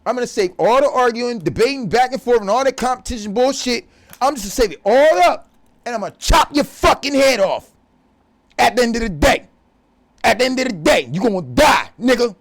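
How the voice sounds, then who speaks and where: A man's voice: very high voice, animated, fairly quick. A man delivering a profane, confrontational religious rant as a vlogger. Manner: profane, aggressive, preachy.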